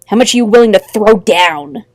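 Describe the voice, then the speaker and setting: A woman voicing a violent, greedy young female troll mercenary who talks slowly with a sneer. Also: mid-range voice, animated, no room sound, clean studio sound, lightly acted. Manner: slow, sneering and menacing.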